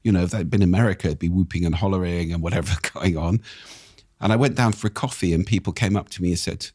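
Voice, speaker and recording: A man, a speaking expert and podcast guest, explaining things in a measured way with examples, his voice a little croaky. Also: sits low, mellow, dry recording, clean studio sound. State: slightly croaky. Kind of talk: explanatory interview talk. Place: podcast studio.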